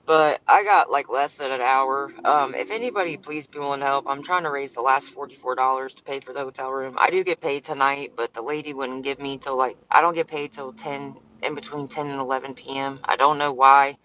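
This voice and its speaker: A man chats on a casual livestream from inside his parked car, rambling and cursing as he answers commenters. His voice is bright and forceful, at a middle pitch. The phone audio is dull and lo-fi. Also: fairly even intonation, brisk, hardly any pauses. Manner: rambling, swears often, talks back to commenters. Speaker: streamer.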